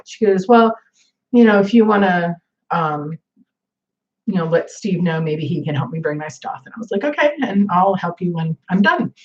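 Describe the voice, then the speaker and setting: Woman in her forties, chatty home vlog, rambling, lowish voice, dull lo-fi sound. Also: animated, normal speed, darkish tone, a little hiss or hum. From northern United States. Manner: chatty, rambling, many fillers. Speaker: vlogger. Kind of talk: casual chat.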